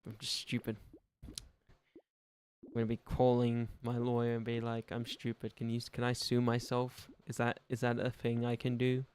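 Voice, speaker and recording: While streaming a game, a young man reads viewer comments and rambles casually, laughing often, mocking himself and playing both sides of made-up conversations. His medium-pitched voice is completely flat and darkish, moderately paced, and the sound is clean.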